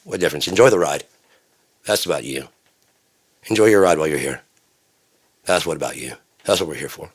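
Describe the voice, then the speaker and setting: Deep-voiced man on a profane philosophical rant. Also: a little fast, long pauses, breathy edge. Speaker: solo rambling monologue. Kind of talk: stream-of-consciousness rant.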